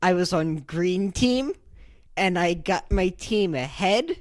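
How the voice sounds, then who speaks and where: A young woman co-hosting a podcast, telling stories in a relaxed casual way, her phrases often trailing off quietly. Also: lowish voice, slow, no echo. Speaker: podcast co-host. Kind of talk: casual chat.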